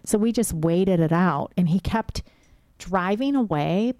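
A woman's voice: lowish voice, animated, unhurried, mellow, no room sound. A middle-aged woman telling a suspenseful story in casual chat, with a conversational pace and loose fillers.

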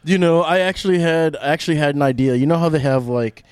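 A man's voice: on the high side, fast, a little mellow, clear, resonant tone, no room sound. A man hosting a radio show from a studio mic, chatting loosely and rambling through half-finished sentences. He laughs easily and sounds a bit loopy. The sound is close and dry, with no room around it. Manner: self-described mildly loopy. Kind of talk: casual radio chat. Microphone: studio microphone.

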